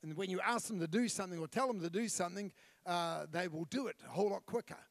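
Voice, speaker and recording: A man's voice: high-pitched, fast talker, no room sound. A middle-aged man, preaching a blunt, colloquial sermon with asides to the congregation. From New Zealand. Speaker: pastor. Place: church.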